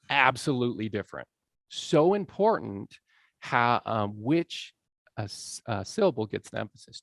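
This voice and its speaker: Lively gravelly-voiced man lecturing. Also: mid-range voice, a little fast, dry recording, studio quality. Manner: lively, quizzes the audience, laughs often. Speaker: college lecturer on language learning. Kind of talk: live lecture to an audience. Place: lecture hall.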